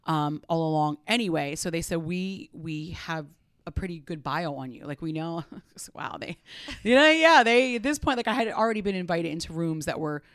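A woman tells her story as an interview guest. Her voice sits on the lower side and comes across dry and close. She is excitable and laughs easily. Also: no echo. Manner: animated, quick to laugh, excitable.

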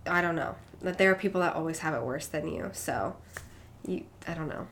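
A woman's voice: low voice, lively intonation, fairly quick, a bit bright, slight background noise. A young woman talking candidly as a podcast guest, rambling with many "like" and "um" fillers. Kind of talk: candid personal conversation.

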